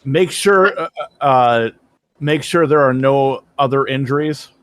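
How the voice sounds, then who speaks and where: A man playing a tabletop game, halting as he describes his character's actions. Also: medium pitch, no echo. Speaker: player. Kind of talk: tabletop role-play chat.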